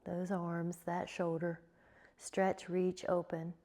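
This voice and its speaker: A woman teaching a yoga class, giving calm, encouraging cues with repeated prompts to breathe. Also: on the low side, slow pace. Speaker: yoga instructor. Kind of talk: guided yoga class instruction.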